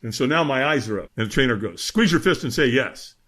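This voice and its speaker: Lively, bright-voiced storytelling man. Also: mid-range voice, fast. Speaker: podcast guest. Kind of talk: animated storytelling.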